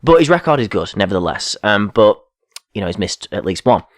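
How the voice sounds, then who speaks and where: A man's voice: on the low side, very animated, a little fast, dry recording, clean studio sound. A man co-hosting a football podcast, rambling casually and correcting himself as he goes. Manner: rambling, self-correcting, fillers. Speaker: podcast co-host.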